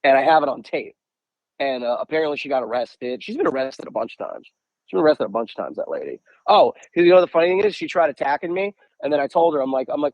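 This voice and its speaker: A young man from the United States, a podcast guest, telling anecdotes in a casual, animated way and acting out quotes. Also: a little high, quick pace, no room sound, lo-fi sound. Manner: animated, acts out quotes, many repeated "I'm like". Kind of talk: casual storytelling.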